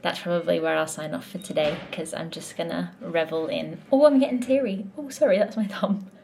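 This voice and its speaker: Gushing young woman, slightly low voice. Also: fairly quick, creaky, darkish tone, a little hiss or hum. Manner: gushing, heartfelt and chatty. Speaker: musical theatre performer. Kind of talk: casual vlog chat.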